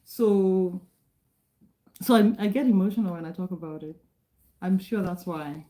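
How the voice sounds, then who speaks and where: A woman's voice: fairly low pitch, steady tone, unhurried, warm tone, low-quality recording. A middle-aged woman from Kenya chatting casually on a live stream, reading and answering viewer comments, laughing often and restarting sentences.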